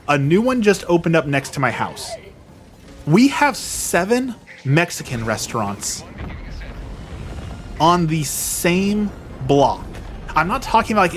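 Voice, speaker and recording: A man hosting a gaming video, telling a casual rambling story and repeating his words as he goes. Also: on the high side. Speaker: gaming channel host. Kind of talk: casual story time over gameplay.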